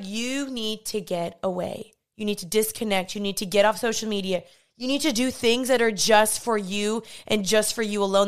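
A young woman hosting a podcast, telling a personal story in a candid, chatty way and acting out what people said. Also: mid-range voice. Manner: candid, chatty, animated storytelling with acted-out quotes. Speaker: podcast host. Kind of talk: personal faith-based podcast monologue.

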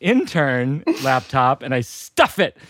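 A man's voice: mid-range voice, very animated, takes it slowly, fairly bright tone. Rambling man hosting a comedy podcast. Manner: rambling storyteller, lots of fillers. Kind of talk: casual chat.

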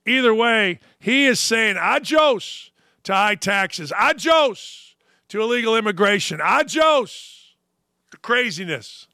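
A man's voice: high-pitched, slow pace, smooth, no room sound. A man hosting a sports talk show, delivering a brash, mocking monologue of opinionated commentary from a studio. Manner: brash, mocking, animated rants.

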